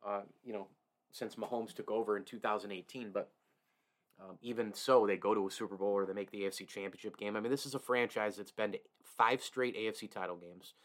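Guy hosting a sports podcast, lowish voice, opinionated, keeps restarting and chuckling. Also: a bit bright. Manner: reads host-read ads. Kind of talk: solo sports talk.

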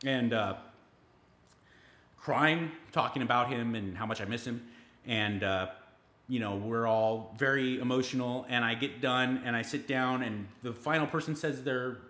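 A man co-hosting a comedy podcast, telling a rambling, excitable story with plenty of swearing. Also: medium pitch, unhurried, reverberant. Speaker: podcast co-host. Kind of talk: casual comedic chat.

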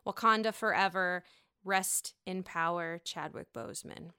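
A woman's voice: lowish voice, measured pace, pushed and bright, clean tone, dry recording, studio quality. A woman giving a casual, profane, playfully sarcastic recap of a reality TV episode.

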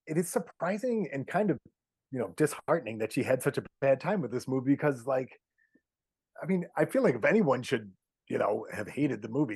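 A man's voice: medium pitch, lively intonation, fairly quick, darkish tone, husky, no room sound. A man talking as a podcast guest in a rambling, casual way, full of "like" and "you know". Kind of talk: casual chat.

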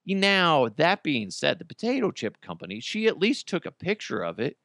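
A man's voice: a little high, wildly swooping pitch, a little fast, vocal fry, fairly bright tone, dry recording, studio quality. A man hosting a podcast, talking casually in a crude, jokey way and slipping into mocking voices. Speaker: podcast host. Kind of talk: casual solo podcast rant.

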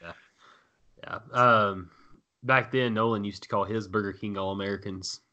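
Young male co-host, bright tone, easygoing and jokey. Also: lowish voice, steady tone, moderate pace. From South Arkansas. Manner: easygoing, jokey, fan enthusiasm. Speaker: podcast co-host. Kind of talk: casual sports podcast chat.

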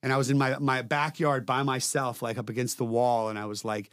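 A man telling a personal story in casual conversation, frank and profane, with dark humor. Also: mid-range voice, little pitch movement, fairly quick, dry recording.

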